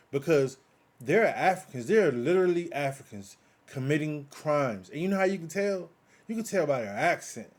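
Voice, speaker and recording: Emphatic American man ranting in a live chat. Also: fairly high pitch. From United States. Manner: emphatic and repetitive, rhetorical questions. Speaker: guest commentator. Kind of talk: heated political talk in a live audio chat room.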